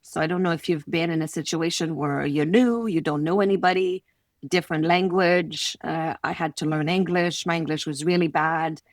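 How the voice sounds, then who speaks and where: Quebec French-accented woman, low, dry. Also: moderate pace, no echo. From Quebec City, Canada. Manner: animated, acts out little scenes in quoted voices. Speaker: guest, confidence coach. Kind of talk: conversational podcast interview.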